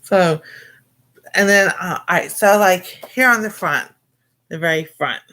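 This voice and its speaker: A woman's voice: lowish voice, a little slow, sharp tone. A middle-aged woman chatting casually and rambling to viewers on a cooking livestream, greeting them and laughing often. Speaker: cooking channel host.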